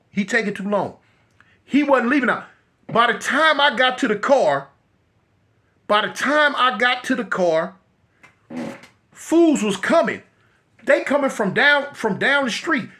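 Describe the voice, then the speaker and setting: A middle-aged man telling a story in a casual, animated way, acting out the voices of the people in it. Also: very high voice. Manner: animated, acts out voices, repeats and restarts.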